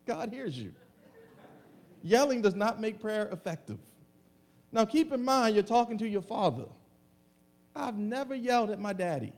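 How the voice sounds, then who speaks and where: A male pastor delivering a lively, humorous sermon to a congregation, acting out comic voices. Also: high-pitched, measured pace, pauses often. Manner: animated preaching with comic voices and laughter.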